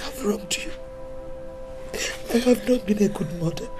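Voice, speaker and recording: A woman's voice: mid-range voice, unhurried, music in the background, lightly acted. A woman with a Nigerian accent playing a dying mother who pleads for forgiveness in a tearful voice. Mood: remorseful. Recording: loud film score behind.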